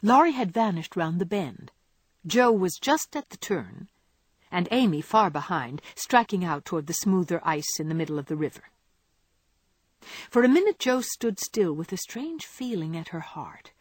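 A woman narrating a classic novel in an expressive, measured storytelling voice. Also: fairly low pitch, husky, dry recording. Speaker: audiobook narrator.

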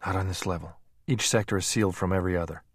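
A man voicing a grim, calm male scientist who speaks quietly and clipped, growing urgent. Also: sits low, racing, husky, dry recording, clean studio sound. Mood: grave.

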